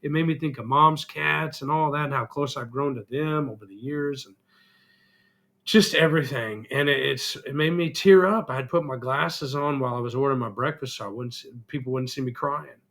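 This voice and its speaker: A man's voice: mid-range voice, normal speed, a bit bright. A middle-aged man vlogging an earnest, emotional personal reflection, still getting over an illness. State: recovering from illness, congested.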